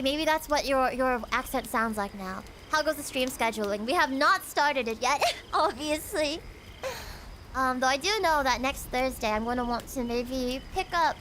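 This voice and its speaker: A giggly woman hosts a relaxed livestream, reading her chat aloud and riffing on it with quick asides. Her voice sits high and sounds bright and forceful. The delivery stays lively and chatty. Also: a little hiss or hum. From United States. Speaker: VTuber streamer.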